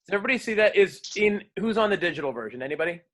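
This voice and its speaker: A man teaching a class on verse, lively, explaining and quizzing his students. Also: high-pitched, rapid-fire. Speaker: drama teacher. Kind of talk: classroom lecture.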